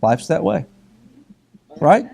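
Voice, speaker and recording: Man, middle-aged, mellow voice, casual group lesson, animated storytelling, restarts often. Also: a little high, slow pace, vocal fry, slightly rough. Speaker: teacher.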